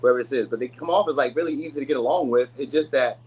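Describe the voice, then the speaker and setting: This tarot reader talks very fast in a medium-pitched, darkish voice with a breathy edge, and the audio quality is poor. His reading to camera is loose and chatty, full of tangents and asides. He sometimes slips into voices to act out the people he's quoting.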